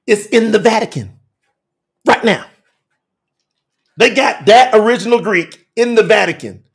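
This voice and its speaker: High, gravelly fiery preacher man. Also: a little slow. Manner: emphatic, repetitive, swings from shouting to hushed. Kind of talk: fiery telethon sermon.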